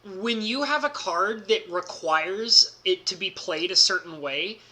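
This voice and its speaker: A man streamer telling a casual, excitable story about a card game, packed with "like" fillers and bursts of laughter. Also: sits high, a little slow.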